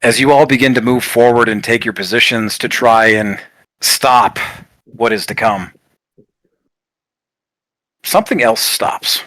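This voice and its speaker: A man's voice: medium pitch, a little slow, pauses often, fairly bright tone, dry recording. A man narrating as game master of a tabletop game, describing scenes in a loose way full of fillers.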